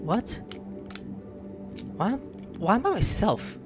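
A man's voice: sits high, huge pitch swings, takes it slowly, music in the background. A man doing let's play commentary, exclaiming and swearing at what happens on screen. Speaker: gaming YouTuber.

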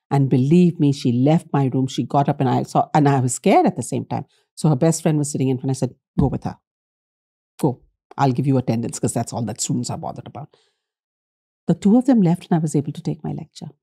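A woman's voice: a bass voice, a little fast, husky. A middle-aged woman, telling a personal story as an academic guest in an interview and acting out the dialogue. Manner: animated, acts out quoted dialogue.

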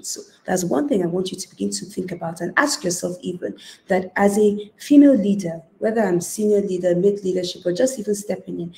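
A woman giving a leadership coaching talk in a fairly low voice. She speaks emphatically, stacks her points in lists and repetitions, and asks the listener direct questions. The sound is echoey, as in a bare room. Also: warm tone. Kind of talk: motivational talk to camera.

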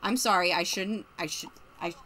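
A woman's voice: lowish voice, normal speed, sharp tone, voice pushed down. A woman voicing a young woman in a video game who is hurt and fed up with her boyfriend. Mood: apologetic.

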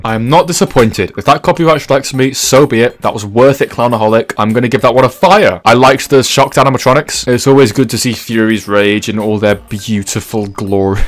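A young man hosting a casual video reaction show, joking and swearing with laughing asides. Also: lowish voice. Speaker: YouTube reaction host.

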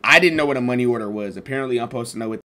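A man's voice: mid-range voice, racing, sharp tone. Young man telling a story. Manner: loose, slangy storytelling full of fillers. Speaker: streamer and vlogger. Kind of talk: casual storytime vlog.

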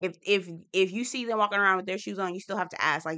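Chatty woman with a bright voice recapping reality TV. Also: lowish voice, moderate pace. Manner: chatty and opinionated, slangy, acts out quotes. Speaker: TV recap host. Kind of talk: casual reality-TV recap commentary.

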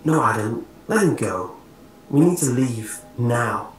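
A man voicing a panicked young man who shouts frantically as he flees in terror. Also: mid-range voice, expressive, takes it slowly, roomy sound, slight background noise. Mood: urgent.

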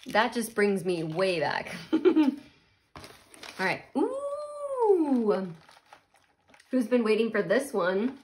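Slow-talking woman tasting snacks. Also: mid-range voice. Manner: chatty, savoring, often laughing and murmuring while eating. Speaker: snack reviewer. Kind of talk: casual snack tasting vlog.

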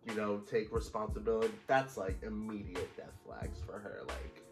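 A man's voice: on the low side, steady tone, normal speed, music in the background. A man reacting to a manga chapter in casual commentary, exclaiming and swearing and calling the listener bro. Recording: echoey room.

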